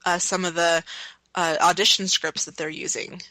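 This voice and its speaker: A woman on a podcast, relaxed as she reads out scene setups. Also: lowish voice, normal speed, no echo, low-quality recording. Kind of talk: casual chat.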